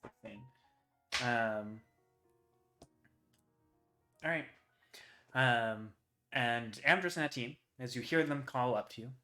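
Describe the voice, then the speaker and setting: A man's voice: mid-range voice, slow, long pauses, sharp tone, soft background music. A man narrating as game master of a tabletop fantasy game, rambling with plenty of fillers.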